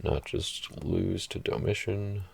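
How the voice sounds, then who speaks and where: A man's voice: sits low, fairly even intonation, slow pace, gravelly, darkish tone, slightly rough. A man hosting a channel, chatting casually and thinking aloud through a card game with many fillers. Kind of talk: casual gameplay chat. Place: playing an online card match.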